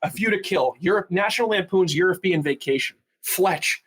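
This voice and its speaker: A man's voice: high-pitched, moderate pace, a bit bright, breathy edge. A man hosting a casual podcast chat, running through lists of old films in a loose, talkative way. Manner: lists film facts, loose and chatty. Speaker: podcast host.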